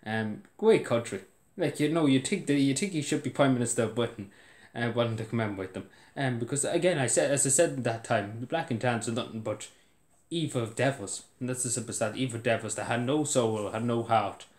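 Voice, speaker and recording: A man's voice: mid-range voice, fairly quick, darkish tone. An Irish man ranting about politics to his viewers, indignant and exasperated, laughing in disbelief and repeating himself. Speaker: video blogger. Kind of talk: political rant to camera. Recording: roomy echo.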